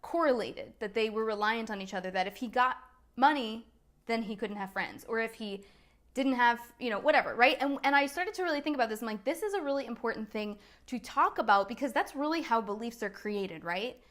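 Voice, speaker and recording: A woman's voice: a little high, expressive, fairly quick, fairly bright tone. A woman, a coach talking casually on a live video, chatty and laughing at herself. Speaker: business strategy and NLP coach, host.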